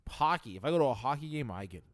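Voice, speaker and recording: A man's voice: medium pitch, animated, fast, dry recording, studio quality. A young man co-hosting a podcast, telling a profane, laid-back story in casual chat. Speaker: podcast co-host.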